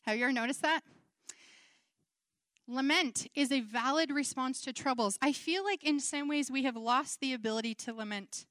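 A woman's voice: high-pitched, normal speed, fairly bright tone, no room sound, clean studio sound. A woman preaching a sermon in an earnest, conversational way, acting out quoted feelings.

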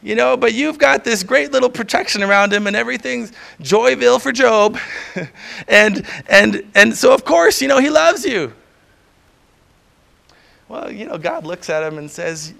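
Man, middle-aged, preaching a sermon, raised pitch, rough gravelly texture, casual and chuckling. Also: animated, measured pace, long pauses, fairly bright tone. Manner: conversational, chuckles often, acts out quoted voices.

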